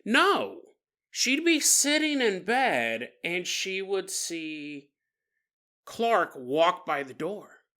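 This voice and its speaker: A man's voice: high-pitched, big pitch swings, extremely slow, pushed and bright. A man hosting a podcast, telling a paranormal story casually with joking asides. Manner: joking asides, chuckling between lines. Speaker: podcast host.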